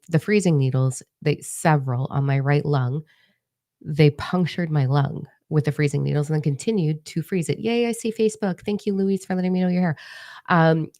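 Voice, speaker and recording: A woman with a low, gravelly voice and a slight lisp chats through a live stream, rambling and full of fillers. Her voice is still recovering, and she is recorded dry and close. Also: a little mellow, no echo. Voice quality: slight lisp from new braces. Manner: chatty, rambling, with many fillers. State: recovering voice after lung trouble. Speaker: spiritual channeler hosting a livestream. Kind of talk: casual live-stream chat.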